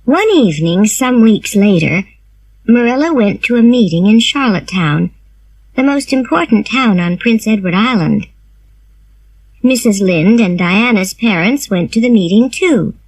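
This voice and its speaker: A woman reading a simplified storybook aloud, slow, clear and expressive. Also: mid-range voice. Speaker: narrator.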